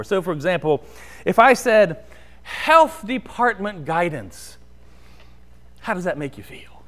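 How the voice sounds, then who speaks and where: A man preaching a sermon in a church sanctuary, telling a personal story in an animated, conversational way. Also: sits high. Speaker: pastor.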